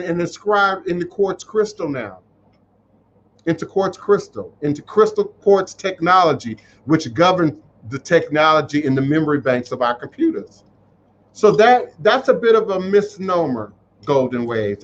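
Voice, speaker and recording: A man's voice: high voice, slight background noise. Emotional preachy man on a muffled livestream. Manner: emotional, preachy, repeats phrases for emphasis. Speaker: spiritual teacher hosting a live stream. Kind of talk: live-stream talk reading viewer comments.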